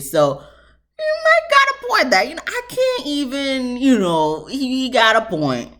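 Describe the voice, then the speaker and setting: Woman, casual show review, lively swooping pitch, lots of fillers. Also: unhurried. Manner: chatty, animated, lots of "you know" fillers.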